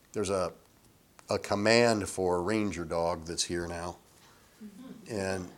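A man preaching a sermon in a relaxed, conversational way, chuckling often and acting out quoted voices. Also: medium pitch. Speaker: pastor.

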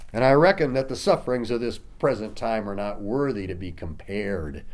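A man preaching a sermon, reading scripture slowly and rising into emphatic bursts. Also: lowish voice, animated, a little mellow. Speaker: pastor.

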